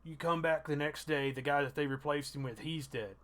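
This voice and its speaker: A man's voice: a little high, brisk, fairly bright tone, lightly acted. A man playing a harried male envoy from a troubled town, talking defensively and at length. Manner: defensive, rambling.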